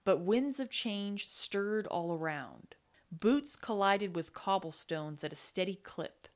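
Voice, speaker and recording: A woman's voice: medium pitch, expressive, slow pace. A woman narrating her own spooky story, then talking chattily and enthusiastically about writing it. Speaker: podcast storyteller and writer.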